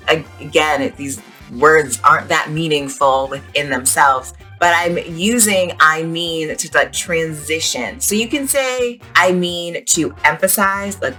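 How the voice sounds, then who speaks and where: Young woman, casual teacher, chatty, filler "like", low voice, bright tone. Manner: chatty, animated, peppered with "like". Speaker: English teacher. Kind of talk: casual spoken lesson. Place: outdoors at a beach.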